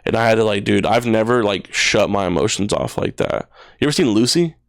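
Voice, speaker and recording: A man's voice: fairly low pitch, animated, fairly quick, vocal fry, no room sound. A young man in his twenties, a podcast guest, telling a personal story in casual slang, full of "bro" and "dude" and swearing. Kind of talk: emotional storytelling. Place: podcast studio.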